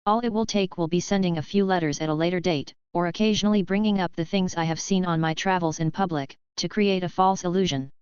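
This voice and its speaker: A woman voicing an elderly male headmaster wizard, speaking calmly, politely and in a measured way. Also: fairly low pitch, clean tone, dry recording, dull audio, close to an everyday voice. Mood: calm, gentle.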